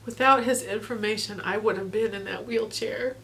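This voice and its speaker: A woman's voice: medium pitch, steady tone, moderate pace, vocal fry, fairly bright tone, a little hiss or hum. A woman recording a personal video diary, talking emotionally and tearfully with frequent laughter, rambling with lots of fillers. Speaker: vlogger.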